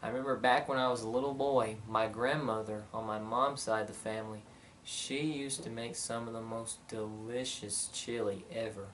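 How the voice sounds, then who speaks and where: A man's voice: lowish voice, steady tone, normal speed, a bit bright, distant mic. A man talks through viewer questions in a loose, rambling way, filling gaps with "uh" and "you know." He sits a little back from the mic. A faint hum of room noise runs behind him. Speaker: vlogger. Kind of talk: casual Q&A vlog.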